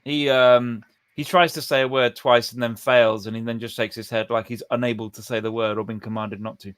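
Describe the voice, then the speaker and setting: A man's voice: mid-range voice, little pitch movement, fairly quick, fairly bright tone, clean tone. A man running a live-streamed tabletop game as dungeon master, playful and slipping into character voices.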